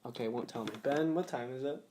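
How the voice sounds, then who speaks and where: A man's voice: mid-range voice, fast, background noise. A man hosting a casual podcast chat, joking and breaking into put-on voices. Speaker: podcast host.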